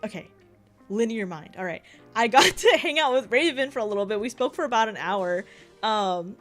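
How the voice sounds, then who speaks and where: A young woman streaming casually as a VTuber, talking fast and rambling with frequent giggles and lots of fillers. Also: a little high, expressive, a bit bright, soft background music.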